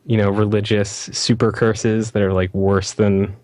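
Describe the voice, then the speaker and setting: Male guest on a game stream, lowish voice, dry self-deprecating jokes. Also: flat delivery, unhurried, a little mellow, no room sound. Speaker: guest co-commentator. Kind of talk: casual chat.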